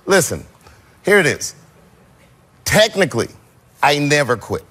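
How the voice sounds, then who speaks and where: A man's voice: fairly high pitch, big pitch swings, a little slow, fairly bright tone, husky. A man in his forties telling funny stories in an interview, laughing often and acting out dialogue. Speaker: comedian guest. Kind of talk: interview anecdotes.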